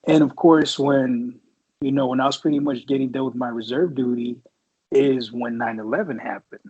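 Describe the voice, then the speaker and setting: Man in his 40s, husky voice, rambling, swears a lot, dull lo-fi podcast sound. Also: mid-range voice, fairly even intonation, moderate pace, darkish tone. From San Francisco Bay Area. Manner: profane and rambling, full of fillers and restarts. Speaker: podcast co-host, Marine veteran. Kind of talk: casual storytelling chat.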